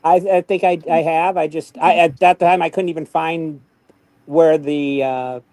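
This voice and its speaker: A man with a fairly high voice co-hosts a casual livestream, teasing and stop-start as he talks. His voice is close and dry. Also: steady tone, a little mellow, dry recording. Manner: teasing, halting with restarts.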